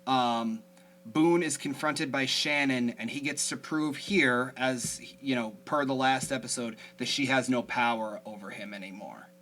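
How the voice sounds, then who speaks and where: Bright-voiced male podcast host, rambling casual chat, faint hum. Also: mid-range voice, measured pace. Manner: chatty, rambling, many fillers.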